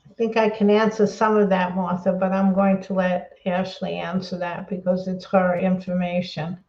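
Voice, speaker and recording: A woman hosting a crafting livestream, talking casually and rambling excitedly as she reads viewer comments and apologizes often. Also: on the low side, normal speed. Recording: roomy, dull lo-fi sound.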